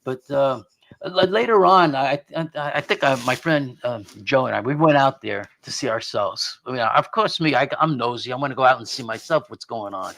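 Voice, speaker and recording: A man's voice: mid-range voice, moderate pace, vocal fry, a bit bright. A middle-aged man, a paranormal investigator guest, telling a story in a rambling way, often repeating and restarting his words. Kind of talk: conversational storytelling.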